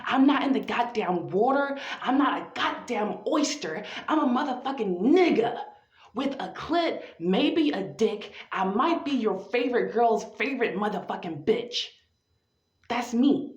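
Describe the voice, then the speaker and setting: A woman performing a profane, theatrical spoken-word monologue with drawn-out phrasing. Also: fairly high pitch, lively intonation. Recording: echoey, dull lo-fi room recording.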